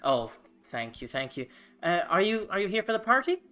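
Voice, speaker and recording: A man's voice: sits high, sing-song, normal speed, a loud crowd, pitched above the performer's own voice. A man voicing a flustered, chatty female gnome cleric who stammers eagerly.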